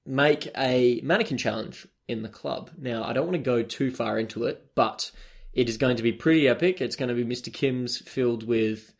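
A man's voice: mid-range voice, normal speed. A young Australian man co-hosting a casual chat podcast, rambling with many ums and restarts. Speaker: podcast co-host.

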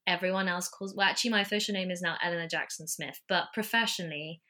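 She has a fairly low voice and talks fast, with an English accent; she's an actor from England joining a podcast remotely from home in London. The conversation is casual, and her stories come out animated and studded with fillers.

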